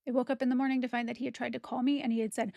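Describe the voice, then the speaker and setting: High-pitched gravelly woman, blunt and heated. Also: flat delivery, racing, a little mellow, no room sound, dull audio. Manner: blunt, heated and profane, often emphatic. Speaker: content creator. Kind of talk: personal testimony straight to camera.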